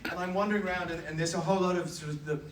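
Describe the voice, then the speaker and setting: A man tells a panel story with animated energy, slipping into the voices of the people he quotes. His voice sits a little high, and a crowd murmurs in a big, echoey convention hall heard from afar. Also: rapid-fire. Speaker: actor on a film cast panel. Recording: echoey hall, distant mic, crowd noise.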